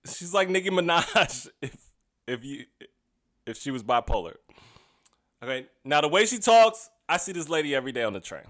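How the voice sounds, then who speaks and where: A man's voice: medium pitch, bright, forceful tone. A comedian and podcast host giving a casual comedic monologue. He is chatty and often laughs at his own jokes.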